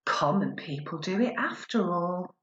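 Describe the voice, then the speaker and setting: A woman's voice: lowish voice, animated, a little slow, a bit bright, echoey room, lo-fi sound. A woman performing a spoken word poem as a pampered newlywed woman who imagines being poor, sardonic and mock-cheerful.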